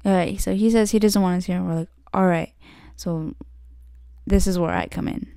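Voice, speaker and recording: A woman's voice: fairly low pitch, fairly even intonation, normal speed, gravelly, dark tone. A young woman hosting her podcast, telling a story in a rambling casual way, full of "like" and frequent restarts. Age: young adult. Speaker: podcast host.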